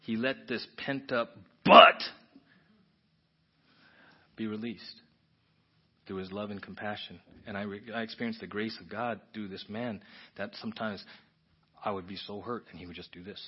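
A male pastor preaching a conversational, emotional sermon. He swings from hushed whispers to loud, emphatic bursts, with frequent restarts. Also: fairly low pitch, fairly even intonation, normal speed, breathy edge. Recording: dull, muffled recording.

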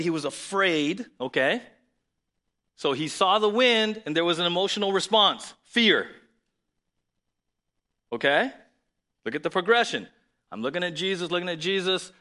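A man preaching a sermon in an animated, conversational way, often asking rhetorical questions. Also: on the high side. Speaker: pastor.

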